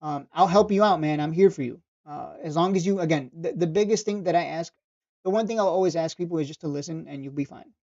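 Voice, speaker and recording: A man with a darkish, mellow tone chats loosely through a trading livestream. He is blunt and swears freely, laughing and stumbling over repeated words as he reads chat. The sound is dull and lo-fi. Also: on the high side, fast talker. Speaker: stock trading streamer. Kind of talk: casual livestream commentary reading chat.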